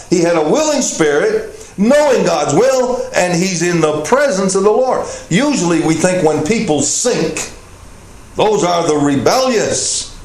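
High-voiced preaching man in an echoey room. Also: darkish tone. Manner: earnest preaching with rising emphasis and frequent "uh" fillers. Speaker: pastor. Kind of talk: sermon. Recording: echoey room with faint noise.

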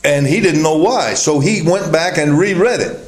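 An older man preaching a sermon as a pastor, telling personal stories slowly and deliberately with chuckles, recorded on old tape. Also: fairly high pitch, lively intonation. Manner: slow, deliberate, storytelling with chuckles. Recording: echoey hall, faint noise, old tape.

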